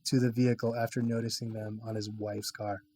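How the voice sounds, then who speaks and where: A man's voice: lowish voice, level tone, a little fast, mellow. A man co-hosting a film podcast, enthusiastic and profane, reading trivia and arguing his points. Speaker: podcast co-host. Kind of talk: casual film chat.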